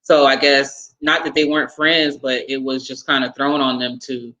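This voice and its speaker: Woman, co-host, casual movie review chat, animated and opinionated, bright forward voice. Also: a bass voice, normal speed, low-quality recording.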